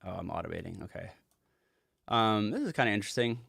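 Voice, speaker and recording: A rambling, casual man explains a mix as a music producer, swearing offhandedly. His voice sits on the low side and the sound is dry and close, with no room around it. He talks loosely and piles on fillers. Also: very animated, fast talker, creaky, fairly bright tone, breathy edge, dry recording.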